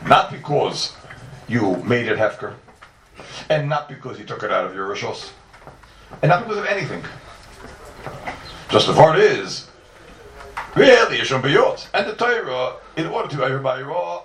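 A man teaching a Talmud class in with a lilt, his pitch leaping up and down as he pushes rhetorical questions. He sounds set back from the mic in a roomy, echoing space, with a faint hum of ambience behind him. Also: recorded from a distance. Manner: animated, fires rhetorical questions. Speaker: Torah teacher. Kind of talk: Talmud lecture.

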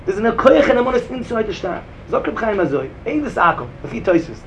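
Male Talmud teacher with a Yeshivish English accent; high, gravelly, sing-song delivery over a faint hiss. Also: sing-song, fast talker, muffled recording. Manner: sing-song, rising to emphatic bursts and dropping low. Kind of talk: yeshiva-style Talmud lecture.

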